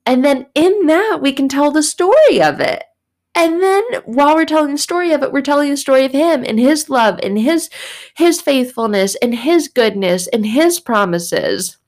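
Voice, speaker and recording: A young adult woman giving a devotional faith talk, animated, acting out voices in her story. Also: a little high, gravelly. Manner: animated, acts out God's and her own voices.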